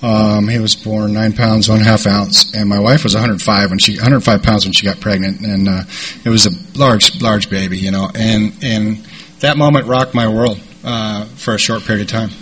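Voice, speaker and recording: A middle-aged man sharing a recovery story in a rambling, halting way, with many fillers. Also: on the low side, fairly even intonation, fairly bright tone, slightly rough. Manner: rambling, halting delivery with repeated "and, uh". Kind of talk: personal storytelling talk.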